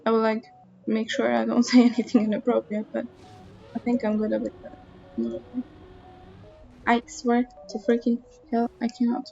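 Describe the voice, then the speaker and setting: A woman's voice: a little high, monotone, normal speed, creaky, long pauses, mellow. A young woman streaming a racing game, chatting casually and with exasperation to her chat. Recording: dull lo-fi stream audio with faint music. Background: faint music.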